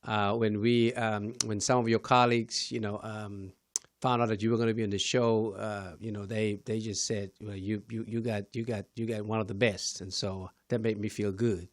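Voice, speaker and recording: A man's voice: fairly low pitch, little pitch movement, moderate pace, dry recording, clean studio sound. A man who is a pastor and talk show host, speaking in a rambling, effusive way while interviewing a guest. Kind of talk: interview conversation.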